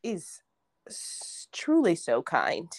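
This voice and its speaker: A woman's voice: on the low side, huge pitch swings, drawn-out words, dry recording. A woman in her thirties, a podcast co-host sharing a story earnestly in casual chat. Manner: earnest, warm storyteller, acts out child's voice.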